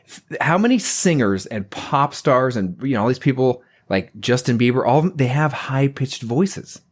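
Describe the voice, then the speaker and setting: A man co-hosting a comedy podcast, deadpan and teasing. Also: mid-range voice, moderate pace. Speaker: podcast co-host. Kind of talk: casual comedic podcast chat.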